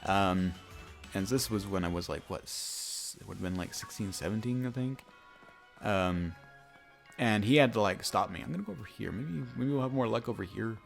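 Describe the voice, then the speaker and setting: Deep, gravelly young man rambling while gaming. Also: normal speed. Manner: rambling, self-interrupting, lots of fillers and restarts. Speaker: gaming YouTuber. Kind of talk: casual let's-play chat with storytelling. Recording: faint background game music.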